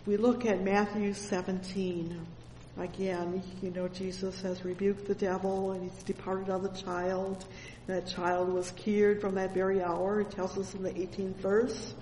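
A preacher delivering a fervent sermon, reading scripture aloud and filling the pauses with "oh yes" and "praise the Lord.". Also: medium pitch, flat delivery, darkish tone, a little hiss or hum. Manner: reads scripture verses aloud. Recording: long church-hall reverb with faint ambience.

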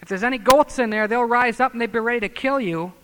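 A man preaching a sermon, emphatic and scornful, dropping from loud declarations to low muttered asides. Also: fast, long reverb tail, slight background noise.

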